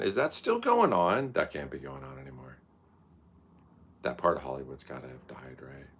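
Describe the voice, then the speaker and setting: Casting: gravelly, low-voiced man in his thirties, swearing, rambling and mocking himself. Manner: profane, rambling, self-mocking, loud mocking quotes. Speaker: streamer telling stories. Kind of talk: casual rambling storytelling.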